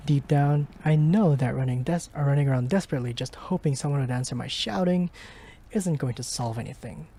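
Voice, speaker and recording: A man streaming a game, reading its story aloud with heavy emotion and frequent swearing, moving from frantic shouts to shaky whispers. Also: on the high side, a little fast, creaky, slight background noise. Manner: swears often. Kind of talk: dramatic read-aloud of a game's story.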